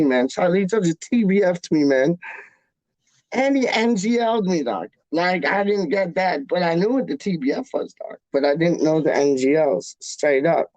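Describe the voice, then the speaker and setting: A man hosting a live stream, chatting casually with his viewers in an animated, jokey way full of slang. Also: fairly high pitch, moderate pace, no echo, dull audio. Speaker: livestream host reading chat. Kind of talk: casual chat.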